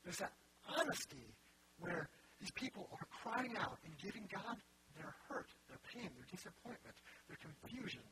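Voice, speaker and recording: A man's voice: high-pitched, very animated, normal speed, noisy background. A man preaching a sermon in an earnest, conversational way, with wry asides.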